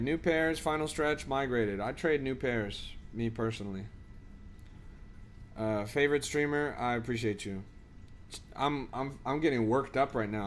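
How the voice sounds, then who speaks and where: A man's voice: medium pitch, slight background noise. A young man streaming about crypto, reading viewer comments in a casual chat and ranting in exasperation with lots of swearing.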